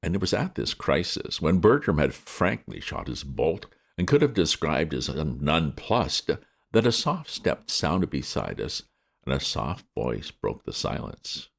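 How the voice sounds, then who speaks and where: Male audiobook reader; very deep, gravelly voice, lively wry delivery. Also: unhurried. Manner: lively, wry comic storytelling. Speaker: reader of classic fiction. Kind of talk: audiobook narration.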